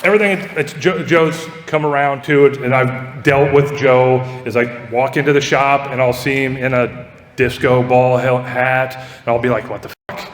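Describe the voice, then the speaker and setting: A man's voice: medium pitch, fairly even intonation, normal speed. A man giving a joking, profane roast speech to a laughing audience. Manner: joking, profane, laughing at his own lines. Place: large echoey party hall with audience. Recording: echoey hall, crowd noise.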